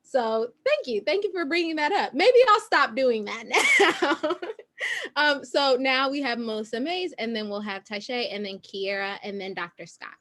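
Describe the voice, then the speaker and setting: A woman with a high, bright-pitched voice moderates a panel discussion. She talks casually and loosely, and light laughter runs through her speech. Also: lively intonation, moderate pace. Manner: casual, laughing, many fillers.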